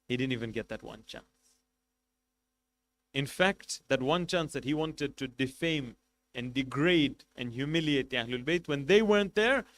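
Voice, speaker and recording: A man preaching a sermon, telling a story with passion, swinging between loud emphasis and quiet asides, and reciting Arabic quickly before translating it. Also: fairly high pitch. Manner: recites Arabic passages rapidly, then translates. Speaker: sheikh preaching at a mourning gathering.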